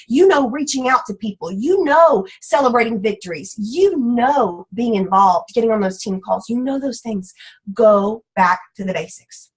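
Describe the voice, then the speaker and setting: A woman with a twang leads a motivational team call, her voice somewhat husky and pitched a little high. She talks in an energetic, folksy way, full of pep and homespun sayings. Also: poor audio. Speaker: team leader.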